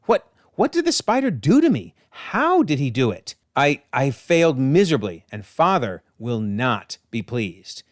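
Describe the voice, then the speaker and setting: A man plays a tormented young comic-book villain whose anguished lines climb high as he cries out. The voice swings widely in pitch. It is a dry, close recording. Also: big pitch swings, a little slow, few pauses, no room sound.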